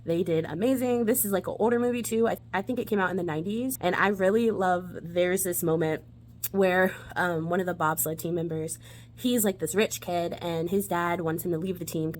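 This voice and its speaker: A woman's voice: fairly low pitch, a little fast, a little hiss or hum. A young woman hosting a casual movie review vlog, bubbly and enthusiastic, giggling as she talks.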